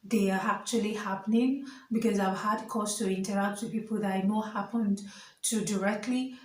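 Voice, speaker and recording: Standing before the camera, a young Nigerian woman talks casually in a vlog, earnest and talkative with plenty of fillers and asides. Her mid-range voice has a darkish tone, and the rough, roomy recording was made far from the mic.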